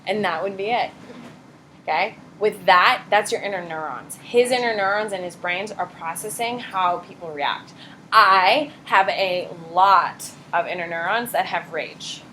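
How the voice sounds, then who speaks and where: A woman teacher giving a casual, animated classroom lecture, blunt and chatty. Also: medium pitch, unhurried, slight background noise. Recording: echoey classroom from far off.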